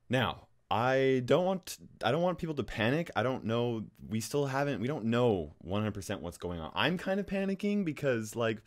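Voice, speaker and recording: A man vlogging for his gaming channel, talking straight to camera in an anxious, rambling way, with nervous laughs and frequent restarts. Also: lowish voice. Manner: restless, with frequent restarts and fillers. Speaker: gaming YouTuber. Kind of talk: casual talking-head vlog.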